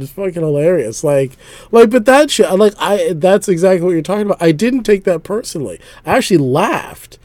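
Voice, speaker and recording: A man's voice: on the high side, lively intonation, fairly quick, a little mellow, no room sound. A man from Philadelphia in casual podcast conversation, telling stories with frequent laughter and many "like"s. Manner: laughs often, storytelling, repeats "like". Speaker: podcast co-host.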